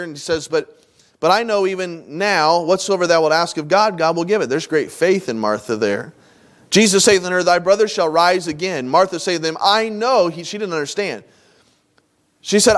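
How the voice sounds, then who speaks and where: A man preaching a sermon in a folksy, conversational way, moving between loud emphatic lines and soft low asides. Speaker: pastor.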